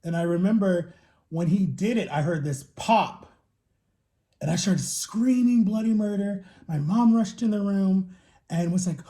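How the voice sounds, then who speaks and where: A vlogger in his thirties chats casually to the camera while eating, spinning long, rambling stories about his own life. His high voice is mellow and unhurried.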